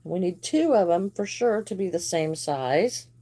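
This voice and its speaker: Slow-talking chatty woman greeting viewers. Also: lowish voice, lively intonation, dark tone, slight background noise. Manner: greets viewers by name, chatty, laughs often. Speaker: crochet livestream host. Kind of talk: casual live-stream chat while crocheting.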